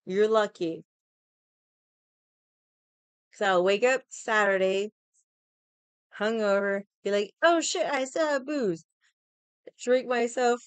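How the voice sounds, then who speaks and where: A woman's voice: mid-range voice, clean tone, no echo. A young adult woman ranting casually to her stream, swearing a lot and sounding exasperated. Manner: profane, exasperated, mocks others in quoted voices. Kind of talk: casual venting rant.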